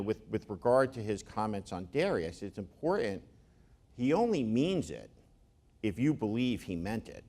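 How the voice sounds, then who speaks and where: A man's voice: on the low side, darkish tone. A man speaking to an audience, telling joking anecdotes in a wry, conversational way with frequent restarts. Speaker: panel speaker. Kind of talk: conversational talk before an audience.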